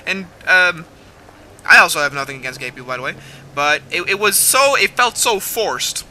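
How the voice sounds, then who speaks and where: A young man rambling excitedly and swearing casually while commenting on a game as he plays. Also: high-pitched, normal speed, poor audio. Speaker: gaming video host. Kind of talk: let's play commentary.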